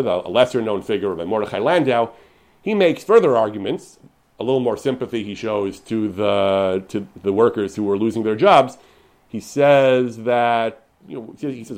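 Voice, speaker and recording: A man giving an unscripted lecture on religious law, paraphrasing sources with lively emphasis and frequent restarts. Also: medium pitch, moderate pace. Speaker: lecturer on Jewish law and history.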